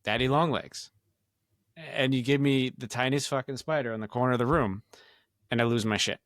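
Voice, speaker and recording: A man co-hosts a casual podcast, rambling along with plenty of filler words and offhand swearing. His mid-range voice has a fairly bright tone and a moderate pace, recorded cleanly in a studio with no room sound.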